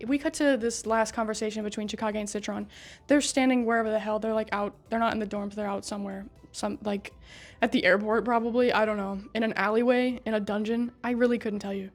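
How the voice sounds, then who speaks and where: A woman with a fairly high voice recaps a story in a loose, chatty way. She gets worked up, swears freely and talks back to the characters as if they could hear her. Faint music plays underneath. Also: a little fast. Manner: excitable, swears and laughs a lot, talks to the characters.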